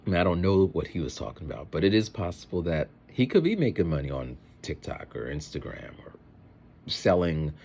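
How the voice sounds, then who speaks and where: A man who teaches, chatting in a rambling, animated way in a casual vlog. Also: sits low, a little fast.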